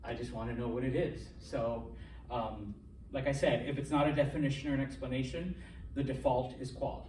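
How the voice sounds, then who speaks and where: A man teaching a classroom Spanish lesson, animated and constantly checking in with his students. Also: mid-range voice, normal speed, background noise. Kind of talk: classroom lecture. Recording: echoey classroom from far off.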